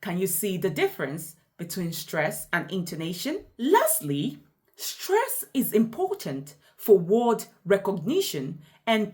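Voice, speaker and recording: Slow, lively-voiced woman teaching pronunciation. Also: mid-range voice. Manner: deliberate, emphatic example sentences. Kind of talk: slow explanatory lesson.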